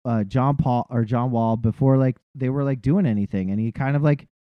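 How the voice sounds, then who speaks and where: A man's voice: medium pitch, brisk, clear, resonant tone, dry recording, lo-fi sound. A man from the Boston area co-hosting a sports podcast, ranting with lots of swearing and laughing through his words. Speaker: podcast co-host. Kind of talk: casual sports chat.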